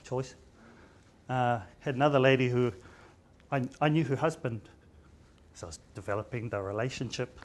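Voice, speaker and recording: Delivering an informal seminar talk, a middle-aged New Zealand GP speaks in a mid-range voice with a little hiss or hum in the recording. He's chatty, stammering and restarting often while sprinkling in Māori words.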